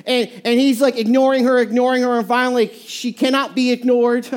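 A preacher giving a sermon, telling a story in a lively way with many restarts and short laughs. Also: medium pitch, brisk, smooth.

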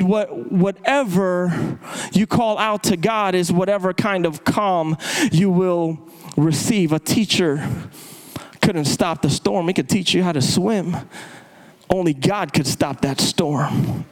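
A man preaching a sermon, impassioned, repeating words and swinging his pitch up and down for emphasis. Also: clear, resonant tone, poor audio.

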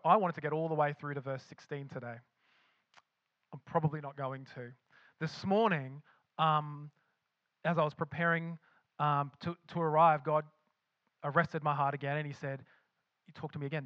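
Male pastor, sermon delivery, emphatic and repetitive, slightly high voice, dry muffled sound. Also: steady tone, moderate pace, pauses often, dry recording. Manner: acts out imagined voices of believers.

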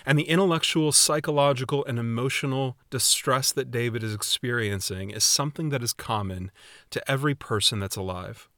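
A man preaching a sermon in a measured, earnest way, with readings from scripture. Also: mid-range voice, fairly bright tone, no echo, clean studio sound. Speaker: pastor.

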